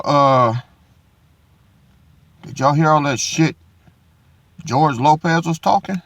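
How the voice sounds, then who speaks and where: A man's voice: on the high side, slow, long pauses, a bit bright. A man giving profane reaction commentary in a mocking way, often repeating "dog". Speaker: online commentator.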